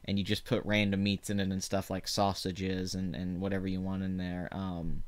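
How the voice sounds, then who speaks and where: Southern host with a touch of Louisiana twang, smooth resonant voice, rambling live chat. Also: male voice, sits low, normal speed. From Southern United States. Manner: rambling and animated, laughs easily, frequent restarts. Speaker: box office show host. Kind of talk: casual live chat about movie box office.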